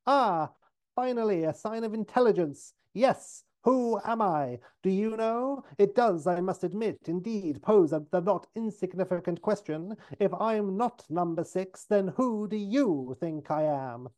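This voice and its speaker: A man's voice: high voice, lively intonation, a little slow, darkish tone, voice pushed up. A man voicing a clipped, sardonic British male prisoner with arch, precise phrasing.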